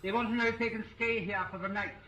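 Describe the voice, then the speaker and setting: An actor with a Mid-Atlantic accent playing a fussy, nervous gentleman of a gloomy old house in a 1930s film, speaking in a prim, precise, faintly sneering way. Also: high voice, steady tone, fast. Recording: roomy old film soundtrack with faint hiss.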